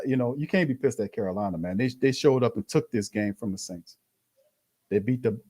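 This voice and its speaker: A man's voice: medium pitch, a little mellow. A man hosting a live-stream watch party, commenting bluntly on a loss and calling his viewers fam. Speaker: sports show host.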